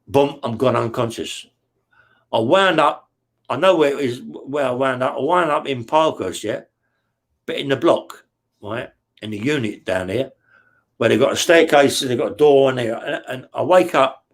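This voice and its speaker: A man, at a middling pitch for a man, recounts his story in blunt, swearing-laden bursts. He rambles through restarts and punchy sound words, tagging nearly every phrase with a questioning "yeah?". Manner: blunt and profane, tags lines with "yeah?". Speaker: interview guest. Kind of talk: casual true-crime storytelling.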